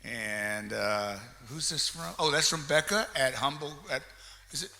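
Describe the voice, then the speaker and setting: Bright, joking male emcee in a hall. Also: on the high side, lively intonation, moderate pace. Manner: joking, loose and chatty with the crowd. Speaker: chamber of commerce meeting emcee. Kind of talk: emceeing a live business meeting. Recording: reverberant hall with faint background noise.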